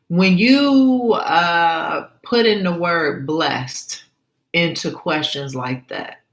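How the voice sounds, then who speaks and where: Slow, emphatic woman reading and commenting. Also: fairly low pitch, roomy sound, poor audio. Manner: emphatic, repeats points, asks listener to see. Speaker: author reading her story. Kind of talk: story reading with life commentary.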